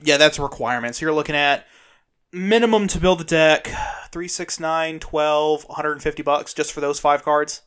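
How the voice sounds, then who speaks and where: A man's voice: on the high side, normal speed, fairly bright tone, smooth. A man from the USA co-hosting a podcast in casual chat, hesitant and full of ums. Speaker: podcast co-host.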